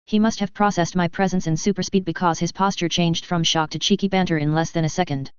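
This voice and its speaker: A woman reading a first-person fan fiction story aloud in a steady narrating voice. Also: on the low side, fast talker, hardly any pauses, smooth, dry recording. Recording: dull lo-fi dry recording.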